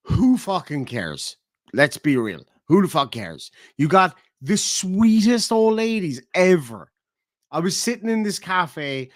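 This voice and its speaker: A man's voice: mid-range voice, no echo, studio quality. A man telling a profane, sardonic story in a vlog rant. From Ireland. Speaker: YouTuber. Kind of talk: ranting vlog monologue.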